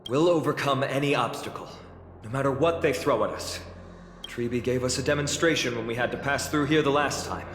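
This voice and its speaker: A man's voice: mid-range voice, fairly quick, a little hiss or hum, close to an everyday voice. An actor voicing a determined young male hero in a video game, who talks in a resolute, upbeat way as he leads his companions on. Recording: reverberant game audio with loud music.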